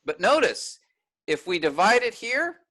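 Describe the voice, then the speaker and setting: A man's voice: high-pitched, big pitch swings, measured pace, sharp tone, rough recording. A man teaching a workshop, explaining step by step and often checking in with "all right?".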